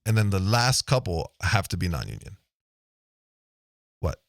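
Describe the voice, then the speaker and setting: Low, lively-voiced male podcast host. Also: unhurried, vocal fry, dry recording, clean studio sound. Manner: loose, swearing, thinks aloud with many "right?" checks. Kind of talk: casual chat. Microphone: studio microphone, close.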